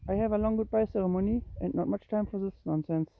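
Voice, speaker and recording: A cat owner filming a kitten walk on a handheld phone outdoors at dusk, coaxing the kitten with calls and high meows. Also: fast talker, gravelly, hardly any pauses. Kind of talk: casual narration while walking. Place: outdoors in woods and grass at dusk. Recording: tinny phone-like sound.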